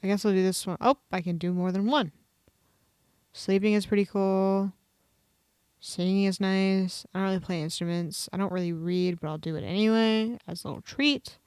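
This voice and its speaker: A woman streamer reads online personality quizzes aloud in a relaxed, sarcastic way, tossing in offhand swearing. Her voice sits at an ordinary middle pitch. It is captured dry on a close mic with no room sound. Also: moderate pace, clear, resonant tone, no room sound.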